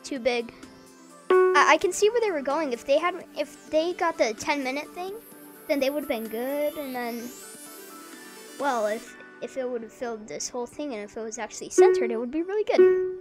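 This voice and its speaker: A woman casually commenting as she plays a video game, hesitant with frequent ums and bursts of excited squealing. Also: sits high. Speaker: gamer.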